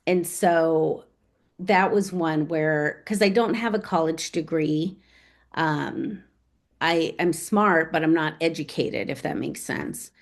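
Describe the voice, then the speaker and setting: A woman's voice: sits low, slow. A middle-aged American woman, a real estate agent and author, telling stories in a casual interview and acting out remembered conversations. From United States. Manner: animated, acts out remembered dialogue.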